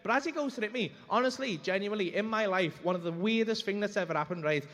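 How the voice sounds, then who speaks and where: On a comedy club stage in a large hall, a young man tells a brash, sweary stand-up story that rambles through many asides. His voice is high, fast, and a bit bright.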